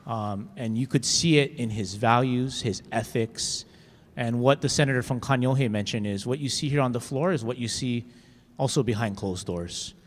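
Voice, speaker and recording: A man's voice: mid-range voice, moderate pace. A man speaking as a state senator, paying a folksy tribute to a colleague with many fillers. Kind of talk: formal floor tribute. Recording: legislative chamber with long reverb.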